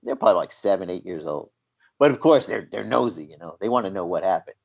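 A man's voice: low voice, expressive, fast talker, creaky, husky. A man telling a story from his work as a paramedic, acting out the quotes. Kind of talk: casual storytelling. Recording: dull lo-fi sound.

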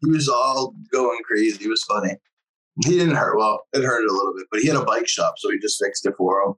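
A man's voice: fairly low pitch, brisk, fairly bright tone, low-quality recording. A man telling a rambling story in casual chat, swearing as he goes.

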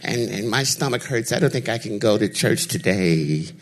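A man voicing a frightened little boy who stammers and pleads in a high voice. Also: lively intonation, normal speed. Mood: pleading.

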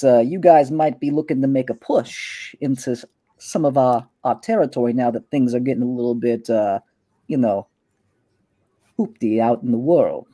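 A man's voice: mid-range voice, mellow, natural voice. A man voicing a smug, menacing male half-elf mobster boss who taunts with drawling threats.

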